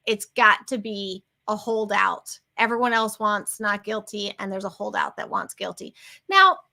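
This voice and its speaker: A woman's voice: medium pitch, a little slow, vocal fry, pushed and bright. A woman co-hosting a casual livestream chat, talking in long, rambling tangents. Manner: chatty, wanders into tangents. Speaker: co-host.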